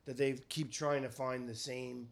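A man's voice: mid-range voice, little pitch movement, unhurried, a loud crowd. A man chatting on a podcast in an eager, rambling way. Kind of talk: casual chat.

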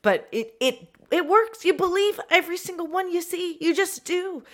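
A woman co-hosting a podcast in casual chat, playful and animated, with laughing asides. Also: very high-pitched, moderate pace. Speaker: podcast co-host.

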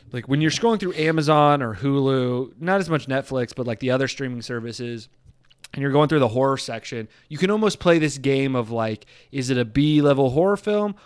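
A man hosting a podcast, talking in a rambling, animated casual chat and laughing often. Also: mid-range voice, smooth, no room sound, clean studio sound. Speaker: podcast host.

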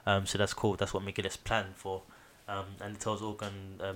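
Rambling man, low voice. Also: level tone, normal speed, a bit bright, a little hiss or hum. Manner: rambling, full of "like" and "um", acts out quotes. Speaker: podcast co-host. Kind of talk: casual chat recapping an anime.

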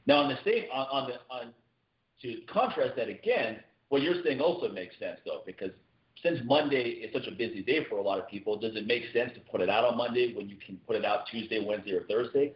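A man co-hosting a podcast in casual chat, talking quickly and often restarting his sentences as he builds a point. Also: medium pitch. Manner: fast, animated, repeats words when starting sentences. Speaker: podcast co-host. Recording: dull, echoey room audio.

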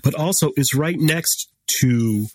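A man's voice: mid-range voice, slow, no room sound. A man leading a podcast conversation in an easy, rambling way, filling gaps with ums. His voice sounds dry and close to the mic. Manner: relaxed, loose, lots of ums. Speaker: podcast host. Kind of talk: casual chat.

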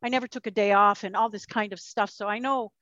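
A woman talking as a podcast guest in casual chat, animated, swearing freely and acting out voices she quotes. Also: mid-range voice, fast talker, no echo, dull audio.

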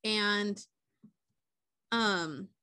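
A woman co-hosting a podcast, recapping a movie in a casual, profane, animated way. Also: medium pitch, drawn-out words, smooth, dry recording, clean studio sound. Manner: profane, animated retelling with quoted character voices. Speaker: podcast co-host.

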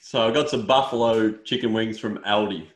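A man's voice: fairly low pitch, normal speed, echoey room. An Australian man co-hosting a casual podcast chat, ranting with lots of "mate" and swearing. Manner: animated ranting, swears, says "mate" often. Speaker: podcast co-host.

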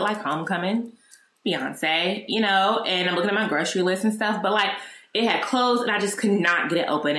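A woman hosting her own podcast, telling a personal story in a candid, animated and profane way. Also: medium pitch, roomy sound. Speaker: podcast host.

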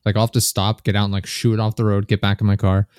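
A man's voice: on the low side, little pitch movement, fast, darkish tone, clear, resonant tone, dry recording, studio quality. A young man, a podcast guest, chatting casually and telling rambling anecdotes with chuckles.

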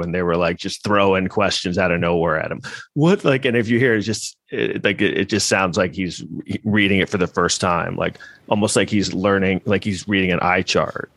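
A man reacts to clips in a loose, rambling commentary, sarcastic and mocking, with frequent swearing. His voice sits fairly low, and the recording is dry and close. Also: a bit bright, no room sound. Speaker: podcast host.

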